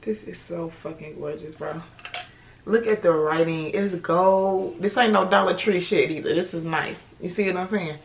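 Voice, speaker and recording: A woman's voice: on the low side, normal speed, creaky, a little hiss or hum. A young woman chatting casually and bluntly in a vlog, swearing freely. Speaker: vlogger.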